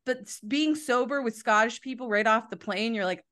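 Effusive woman host gushing in chat. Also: a little high. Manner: effusive, animated, quick to gush. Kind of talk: casual interview chat.

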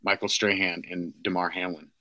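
Man, podcast co-host, low pitch, profane casual talk, dry close recording. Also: flat delivery, normal speed, bright, forceful tone, no echo. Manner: profane, keeps asking "you know what I mean". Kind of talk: casual chat.

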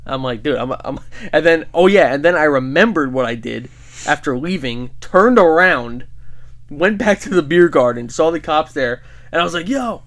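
Young male co-host, rowdy storyteller with a slightly high voice, acts out every character he quotes. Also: normal speed. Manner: animated, quotes people, laughs often, swears. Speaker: podcast co-host. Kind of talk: casual storytelling chat.

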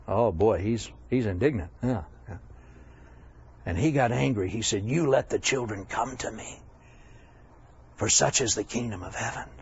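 A man's voice: medium pitch, dry recording. A man preaching as a Bible teacher, telling stories with humor and self-deprecating asides. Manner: animated, self-deprecating, chuckling often. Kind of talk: humorous sermon storytelling. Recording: dull lo-fi dry recording.

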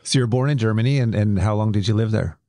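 A man hosting an interview podcast with a fairly low voice, friendly and quick to laugh. He stumbles now and then as he asks his questions. The recording is dry and close, with no room sound. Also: dark tone, no echo. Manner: friendly, laughs easily, hesitant. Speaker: podcast host. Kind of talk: casual interview chat.

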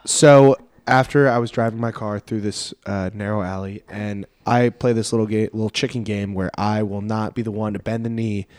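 A young man co-hosting a podcast, telling a story in lively casual chat with many restarts. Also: fairly low pitch, normal speed, hardly any pauses. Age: young adult. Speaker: podcast co-host.

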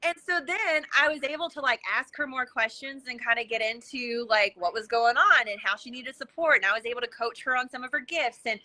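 Woman, podcast guest, high-ish voice, very bright tone, animated storytelling, acts out quotes. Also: a little fast, few pauses, rough recording. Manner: lively, acts out quoted dialogue with many fillers. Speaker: interview guest, intuitive coach.

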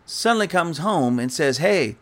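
A man's voice: fairly high pitch, big pitch swings, normal speed, fairly bright tone. Sarcastic, indignant male commentator. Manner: sarcastic, scornful. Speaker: political commentator.

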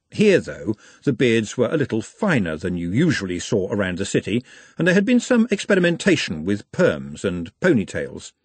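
A man narrates an audiobook with a wry, animated delivery and a lively rise and fall. His voice has a husky edge, recorded dry and close with no room sound. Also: on the low side, no room sound.

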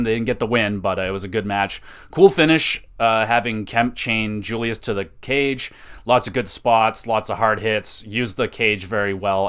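A young man hosting a podcast, reviewing wrestling matches in casual, excitable chat and swearing freely. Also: lowish voice, smooth. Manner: excitable, profane, enthusiastic.

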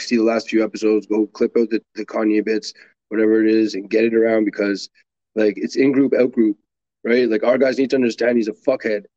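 Low-voiced blunt co-host on a dull line. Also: male voice, a little mellow, dry recording. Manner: blunt, profane, dismissive. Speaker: podcast co-host. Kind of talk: casual podcast talk.

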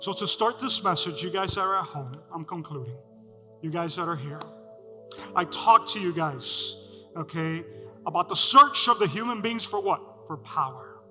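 A man's voice: a little high, lively intonation, moderate pace, bright, forceful tone. A man preaching a sermon as pastor to a congregation, asking them questions and repeating his key lines. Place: church hall. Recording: music under a hall reverb.

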